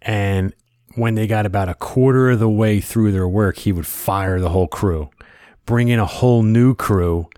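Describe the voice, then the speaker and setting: A man, co-hosting a casual chat and telling stories with animated, acted-out quotes. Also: on the low side, moderate pace, no echo, studio quality. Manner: animated storyteller who acts out quotes loudly.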